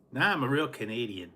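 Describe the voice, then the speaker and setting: A man's voice: medium pitch, a bit bright. A man putting on a playful, exaggerated Canadian character, chuckling and tagging lines with "eh". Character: jokey stereotyped Canadian man in a hat.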